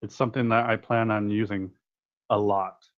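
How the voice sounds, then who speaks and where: A man voicing Mike Miles, a young man on an awkward dinner date, low-key and awkward. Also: fairly even intonation, moderate pace, lightly acted. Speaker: player voicing a character. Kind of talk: improvised tabletop role-play. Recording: dull lo-fi audio.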